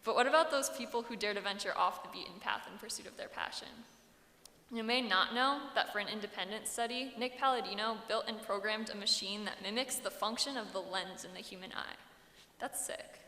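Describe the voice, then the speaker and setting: A woman's voice: mid-range voice, a little fast, bright, forceful tone. A teenage girl giving an earnest, self-deprecating graduation speech at a podium microphone. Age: teens. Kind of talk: prepared commencement speech. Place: large hall. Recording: echoey hall with long reverb.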